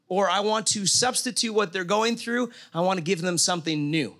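A man's voice: high-pitched, normal speed, few pauses, fairly bright tone. A middle-aged man preaching a conversational sermon, telling a story and asking his listeners questions. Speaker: pastor.

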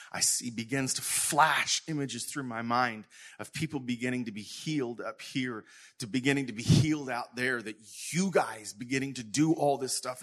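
A middle-aged male pastor preaching a sermon earnestly to his congregation, sometimes falling to a soft whisper. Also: medium pitch, husky. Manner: earnest, drops to soft whispers when quoting God.

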